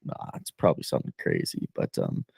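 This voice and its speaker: A man's voice: a little fast, a little mellow, no room sound. A young Canadian man co-hosting a podcast, chatting casually and loosely with lots of fillers. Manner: loose, rambling sports talk with many fillers. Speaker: podcast co-host. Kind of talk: casual chat.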